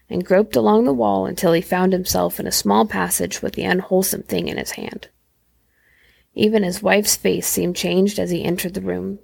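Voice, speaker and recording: Woman reading a spooky story, gravelly husky voice, dry close sound. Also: mid-range voice, darkish tone, dry recording. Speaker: podcast host, storyteller. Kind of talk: reading a horror story aloud.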